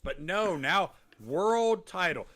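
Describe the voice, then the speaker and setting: A man's voice: sits high, animated, takes it slowly, fairly bright tone. A man hosting a wrestling podcast, chatting casually in rambling jokes and acting out quotes in goofy voices. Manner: rambling, joking, acts out quotes in silly voices. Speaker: podcast host.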